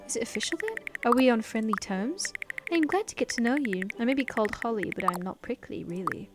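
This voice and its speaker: A woman's voice: a little high, expressive, fast talker. A woman voicing a vain, flirtatious female game character who boasts in a coy way. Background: game music.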